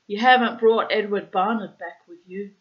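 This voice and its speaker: A woman reading aloud and voicing a jovial businessman father, speaking louder and brighter for him. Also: medium pitch, moderate pace, highs cut off, natural voice. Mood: hearty. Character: hearty older businessman father.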